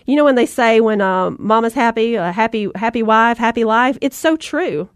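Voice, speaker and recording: A middle-aged woman with a slightly high voice talks straight to mothers in a bright, folksy, encouraging way. The sound is close and dry, with no room around it. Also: lively intonation, normal speed, no echo. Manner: upbeat, folksy, addresses listeners as "mama" and "y'all". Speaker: motivational speaker for mothers. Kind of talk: motivational talk with anecdotes.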